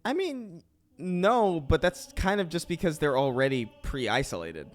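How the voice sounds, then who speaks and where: A young man talks through his game on stream, his voice bouncing up and down. He thinks out loud and chats freely. Faint music sits behind him. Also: fairly high pitch, big pitch swings, measured pace. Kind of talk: casual chat while gaming on stream.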